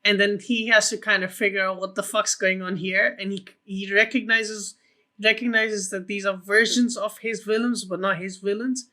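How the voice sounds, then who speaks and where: High, bright-voiced excitable man. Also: moderate pace. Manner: excitable, rambling, swears a lot. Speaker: podcast co-host. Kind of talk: casual film podcast chat.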